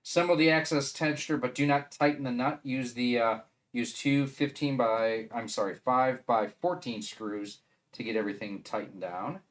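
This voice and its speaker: A man's voice: mid-range voice, moderate pace. A man with a Wisconsin accent chatting casually on a live stream, rambling and thinking aloud as he assembles a 3D printer.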